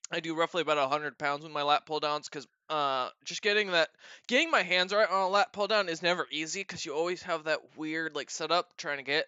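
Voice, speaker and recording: A man's voice: fairly high pitch, sharp tone, smooth, no room sound, lo-fi sound. A man streamer telling a casual story, rambling and profane, often breaking into laughter.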